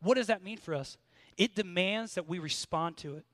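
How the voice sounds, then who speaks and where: A man's voice: high voice, moderate pace, a bit bright, no room sound. An American man preaching a sermon, mixing scripture with a story from his own army days, earnest and building in intensity.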